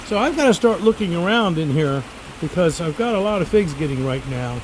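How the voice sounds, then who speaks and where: Older man, seventies, ex-teacher, casual rambling garden vlog, a bit high-pitched. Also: expressive, a little fast, background noise. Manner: chatty, rambling, digressive. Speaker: fig grower and former teacher. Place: outdoors among fig trees.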